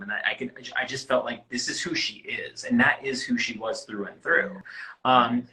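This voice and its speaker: Bright-voiced casting producer, candid. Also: male voice, medium pitch, animated, brisk, rough recording. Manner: candid, rambling, swears freely. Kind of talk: casual advice chat.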